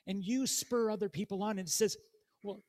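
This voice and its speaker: High-voiced man preaching a sermon. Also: a little fast, a little mellow. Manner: conversational, questions the congregation directly; reads scripture aloud. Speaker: guest preacher. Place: church.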